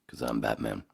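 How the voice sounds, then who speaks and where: Podcast host, male, very low gravelly voice, lively and loose, swears a lot. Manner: joking, swears freely, rambling. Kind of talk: casual podcast chat.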